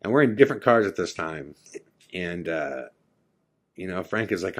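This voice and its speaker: A middle-aged man with a low, deep voice tells a personal story on his podcast. He talks loosely and conversationally, leaning on "you know" and "like" as he goes. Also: lively intonation, moderate pace. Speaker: podcast host. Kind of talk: casual storytelling of a personal ghost experience.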